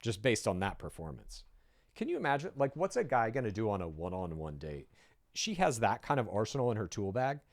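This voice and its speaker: A man's voice: fairly low pitch, big pitch swings, brisk, no echo. Sardonic man doing podcast commentary. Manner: sardonic, analytical. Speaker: podcast co-host. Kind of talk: reaction commentary.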